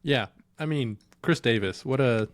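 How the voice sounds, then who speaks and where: A man's voice: medium pitch, a little slow. A man co-hosting a casual sports podcast, easygoing and agreeable, chuckling often. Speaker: podcast co-host.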